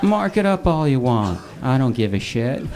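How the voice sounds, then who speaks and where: Deadpan man doing stand-up, crowd laughing. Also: medium pitch, normal speed. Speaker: stand-up comedian. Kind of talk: stand-up comedy set. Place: comedy club with a live audience.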